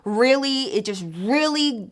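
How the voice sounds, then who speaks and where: A young adult woman telling a story in a casual vlog, animated and swearing, acting out the voices of the people in it. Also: high voice, slow pace.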